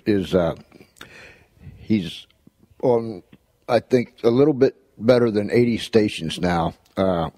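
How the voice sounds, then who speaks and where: A middle-aged male radio host with a Pittsburgh accent and a fairly low voice, easygoing and chatty, laughing along with his guest. The sound is close and dry. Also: mellow, no room sound. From Altoona, Pennsylvania, USA. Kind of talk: radio interview chat.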